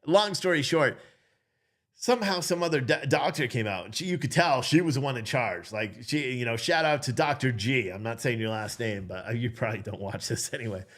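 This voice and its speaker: A man who is a father, telling a story in a casual, animated way, blunt and swearing, acting out the voices in it. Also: mid-range voice, brisk. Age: adult father. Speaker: vlogger.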